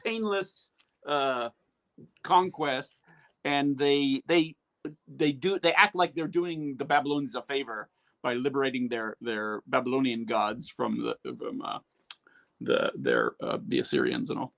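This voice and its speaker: A man's voice: mid-range voice, animated, unhurried, vocal fry, a bit bright. A man in a casual panel chat, talking chattily and laughing as he explains.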